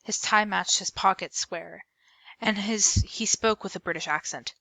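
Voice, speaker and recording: A woman reading a middle-grade novel aloud in an expressive storybook manner. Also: medium pitch, unhurried, creaky, no echo. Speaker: book reader.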